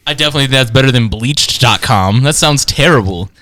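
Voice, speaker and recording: A young man on a podcast, trading crude jokes and laughing as he goes. His voice is bright and forward, recorded close on a dry mic with no room sound. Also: mid-range voice, quick pace, dry recording. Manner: joking, laughs often, drawls some words. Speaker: podcast co-host. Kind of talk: crude casual banter.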